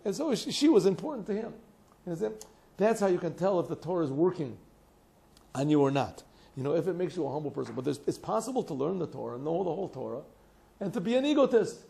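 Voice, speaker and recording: A man teaches a class in a low, gravelly, mellow voice, set a little high for a man. He tells stories with lively acted-out voices and chuckles, then slows down to translate a text phrase by phrase. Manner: animated storytelling, acts out quoted voices, laughs often; translates phrases slowly word by word.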